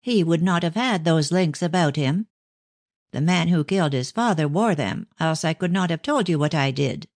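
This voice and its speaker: A woman reads a dramatic middle-aged clairvoyant who gushes over visitors and slows to a grave hush in her trances. The voice sits higher than the reader's own, as she puts her on, and the sound is dry and close. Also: animated, no room sound. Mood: gentle. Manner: effusive, slow and solemn in trance.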